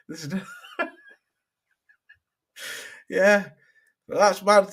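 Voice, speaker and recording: With drawn-out words, long pauses and a high, fairly bright voice, this man runs a boxing livestream and reads viewer comments in casual chat. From Cheshire, England, he speaks with a mix of Cheshire and Staffordshire accents, rambling and swearing often.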